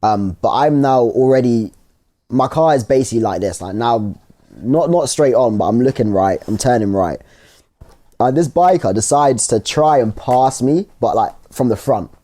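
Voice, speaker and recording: Young man with a mellow voice telling a story. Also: mid-range voice, moderate pace. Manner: animated storytelling, acts out his own lines. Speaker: podcast co-host. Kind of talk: casual chat.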